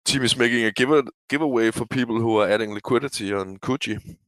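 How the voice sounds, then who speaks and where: A man's voice: medium pitch, brisk, a bit bright, no room sound, low-quality recording. A man in a casual online chat, blunt and teasing in his banter.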